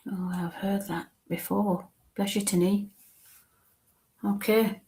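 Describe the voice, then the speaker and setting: A woman working as a medium on a live reading, her voice sitting at an ordinary middle pitch. She talks in a halting, repetitive way, drawing names out slowly and dropping into soft murmured asides. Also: steady tone, creaky. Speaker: spiritualist medium.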